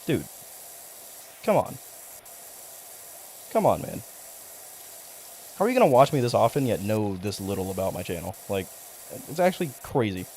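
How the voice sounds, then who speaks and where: Lively, profane young male streamer. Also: on the low side, moderate pace, pauses often, slight background noise. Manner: profane, rambling, mock-outraged banter with chat. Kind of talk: casual live-stream commentary while gaming.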